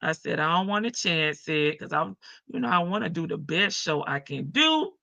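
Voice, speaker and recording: A woman's voice: lowish voice, big pitch swings, normal speed, gravelly, pushed and bright, no room sound, dull audio. A woman with a heavy morning voice, hosting a casual live stream from her front porch and greeting viewers by name.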